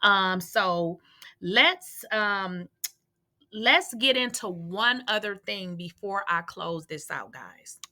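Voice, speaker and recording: A woman's voice: medium pitch, lively intonation, slow, pushed and bright. A woman gossip blogger giving blunt, sassy commentary straight to her viewers from a room in her home. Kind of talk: opinionated commentary vlog.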